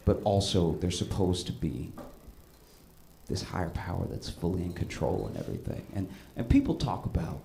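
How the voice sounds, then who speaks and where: Guy doing standup in a club, low voice that spikes way up on punchlines, noisy room behind. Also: normal speed, creaky. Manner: animated storytelling, voice jumps high for punchlines. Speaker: stand-up comedian. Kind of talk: stand-up comedy set. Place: comedy club stage with audience laughter.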